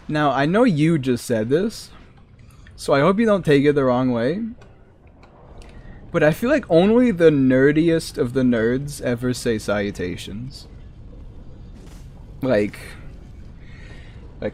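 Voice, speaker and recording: A man's voice: mid-range voice, lively intonation, takes it slowly, long pauses, darkish tone. A man streaming a modded game, chatting with his viewers and joking as he plays. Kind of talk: casual gameplay commentary.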